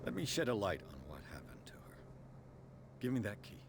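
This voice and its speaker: An actor playing a level-headed male police investigator in a video game, speaking in a calm, persuasive way. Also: fairly low pitch, brisk, noisy background. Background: game music.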